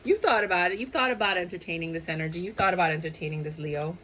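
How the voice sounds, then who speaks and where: Animated woman giving a casual tarot reading. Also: on the low side, fast talker, a little hiss or hum, low-quality recording. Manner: animated, playful, sings and mimics clients' voices. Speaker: tarot reader.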